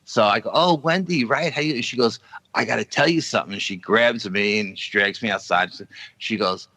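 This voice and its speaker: On a podcast roundtable, a paranormal investigator guest animatedly recounts a long dream, voicing the other people's quotes himself. He speaks fairly quickly in a lowish voice, on a low-quality recording with no room sound.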